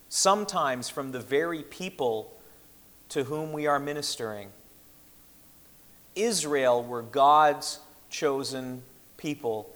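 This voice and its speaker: A man delivers a sermon with earnest, measured phrasing and a voice pitched in the middle range. He slows down to weigh key lines. The sound carries a long, hall-like reverb. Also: a bit bright. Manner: earnest, measured, with slowed emphatic quotations. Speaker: preacher.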